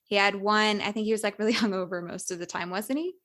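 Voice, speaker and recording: A woman's voice: medium pitch, fairly even intonation, fast talker, a bit bright. A woman co-hosting a podcast in casual chat, light and giggly, a little tentative. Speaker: podcast co-host.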